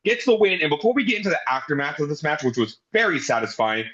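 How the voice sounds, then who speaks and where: A man's voice: fairly high pitch, sing-song, fast talker, fairly bright tone, highs cut off. A man co-hosting a podcast, talking casually with strong opinions and some swearing. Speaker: podcast co-host. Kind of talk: casual chat.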